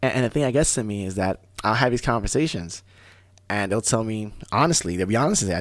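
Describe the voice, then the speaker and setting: A man hosting a talk radio show, telling stories in a casual, animated way, often restarting words. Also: on the low side, no echo. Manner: animated storyteller, fast bursts, repeats and restarts words. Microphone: studio microphone.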